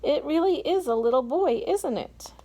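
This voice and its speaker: A panicky male fire chief from a storybook, blustering and yelping in alarm. A woman acts him out while reading aloud. His voice sits high and mellow. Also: lively intonation, moderate pace.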